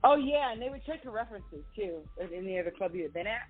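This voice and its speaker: A woman's voice: mid-range voice, fast. Valley girl-sounding woman on a tinny line. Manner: animated, laughing storyteller with a Valley girl way of talking. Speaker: podcast guest. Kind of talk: storytelling in a casual interview.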